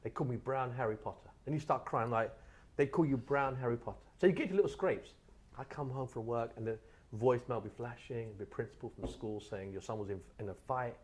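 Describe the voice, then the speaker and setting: A middle-aged man from England, a guest telling animated stories in a casual podcast chat. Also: mid-range voice. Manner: animated storyteller, quick and lively. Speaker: guest author.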